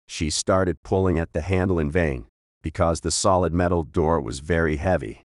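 A man reading a story aloud in a steady, measured way. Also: low-pitched, no echo, studio quality. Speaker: narrator. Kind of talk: audiobook narration.

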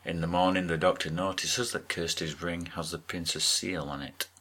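A man co-hosting a podcast, recapping a TV episode with wry, deadpan asides. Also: sits low, normal speed. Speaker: podcast co-host.

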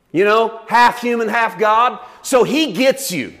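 A man pastor preaching a conversational sermon with lively acted-out asides. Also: sits high, a little slow, few pauses. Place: church.

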